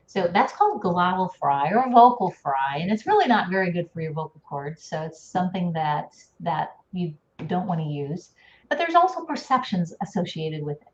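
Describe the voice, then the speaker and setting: A woman's voice: on the low side, animated, normal speed, dull audio. Chatty woman coach on a roomy call. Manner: explains with demonstrations, laughs often. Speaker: speech and voice coach. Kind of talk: casual live-stream chat. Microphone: video call.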